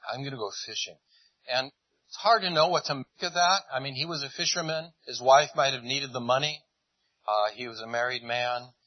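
A man preaching a relaxed storytelling sermon, chatty and unhurried. His voice carries a slight husk. The recording is close and dry, with a dull, lo-fi tone. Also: medium pitch, dry recording. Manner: conversational storytelling, retelling scenes in lively voices. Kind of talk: sermon, retelling a Bible story.

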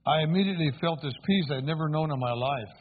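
A man's voice: a little high, quick pace, noisy background. A man preaching his own conversion story as a sermon, telling it earnestly and asking the congregation for replies. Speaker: preacher giving testimony. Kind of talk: sermon testimony. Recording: tinny phone-like sound.

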